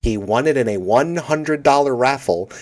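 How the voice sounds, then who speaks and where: A man hosting a casual podcast, excitable and teasing as he talks with his co-host. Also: medium pitch, moderate pace.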